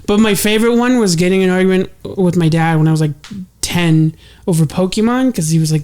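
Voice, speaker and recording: A young man co-hosting a podcast, explaining things quickly in casual chat with lots of fillers. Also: sits high, darkish tone. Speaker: podcast co-host.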